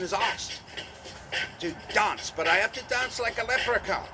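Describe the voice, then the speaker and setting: A man's voice: high voice, expressive, moderate pace, background noise. A man vlogging at an outdoor market bar, rambling and making fun of himself as he talks. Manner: rambling, self-mocking, jokey. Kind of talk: joking travel vlog to camera. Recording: loud live band over the voice. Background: live band playing.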